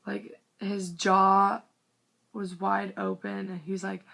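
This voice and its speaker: A woman's voice: medium pitch, completely flat delivery, slow pace, vocal fry, fairly bright tone. A young woman vlogging into her phone, telling a story in a gushing, rambling way, full of "like" and sometimes dropping to a whisper. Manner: gushing, rambling, fillers of "like", drops to a whisper at times. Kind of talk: excited casual storytelling to camera.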